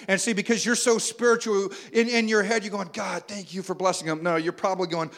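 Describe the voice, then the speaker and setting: A man, preaching a sermon that swings between loud urging and quiet, intimate passages. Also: high voice, fairly even intonation, fairly quick, hardly any pauses. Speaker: pastor.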